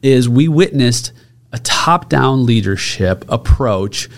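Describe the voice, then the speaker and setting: A man's voice: mid-range voice, expressive, slow. A man hosting a podcast interview, making long reflective points in a conversational way. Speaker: podcast host.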